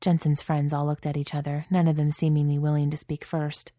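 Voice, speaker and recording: A woman reading a story aloud in calm, even narration. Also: low-pitched, brisk, dry recording, clean studio sound. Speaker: audiobook reader.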